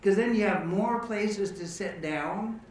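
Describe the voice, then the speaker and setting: High-voiced joking man, echoey room. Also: a little slow. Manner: chatty, joking, rambling. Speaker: musical entertainer and host. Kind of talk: casual banter with an audience. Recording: roomy echo from a distant mic, guitar.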